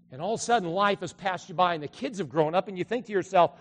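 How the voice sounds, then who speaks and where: A middle-aged man preaching a sermon in a church, swinging between loud, fervent bursts and quiet, confiding asides. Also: high-pitched, fast. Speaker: pastor. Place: church sanctuary. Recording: echoey church hall.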